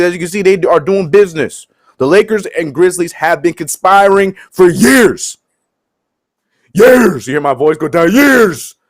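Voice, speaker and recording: A man hosting a casual sports talk segment, animated and joking as he talks. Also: on the high side. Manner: animated, laughing, joking asides. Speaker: sports show co-host.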